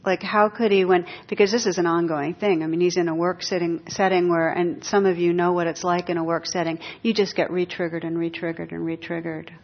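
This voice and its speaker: A woman meditation teacher giving a dharma talk to a live audience, reflective and pausing, laughing at her own jokes. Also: fairly low pitch, level tone. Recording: dull lo-fi talk recording.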